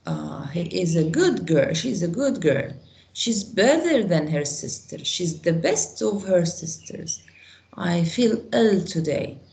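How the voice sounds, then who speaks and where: A woman teaching an English grammar class online, explaining with slow example sentences and quizzing students. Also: fairly low pitch, mellow.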